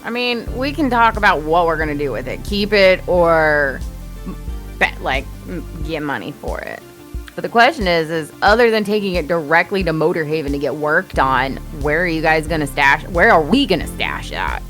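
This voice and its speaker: A woman playing a tabletop game, talking in an animated, rambling way. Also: deep voice, faint music behind. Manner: animated, rambling, quick to laugh. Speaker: player. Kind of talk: casual tabletop play.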